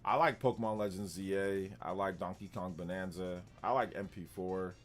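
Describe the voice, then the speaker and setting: A man with a fairly low voice hosts a gaming live stream in a loose, rambling way, reacting to viewers as he goes. Faint music plays quietly behind him. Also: moderate pace. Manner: relaxed, rambling, answers chat and laughs often. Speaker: gaming livestream host. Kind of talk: casual live-stream chat.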